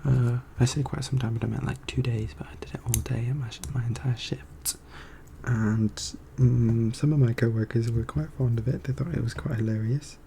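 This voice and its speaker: Dark, gravelly young man in soft-spoken ASMR. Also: mid-range voice, steady tone, normal speed, slight background noise. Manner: meandering, with many fillers. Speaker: ASMR creator.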